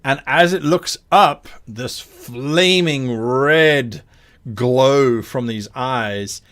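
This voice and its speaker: A man narrating a tabletop game as game master, describing scenes in slow detail. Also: mid-range voice, fairly bright tone.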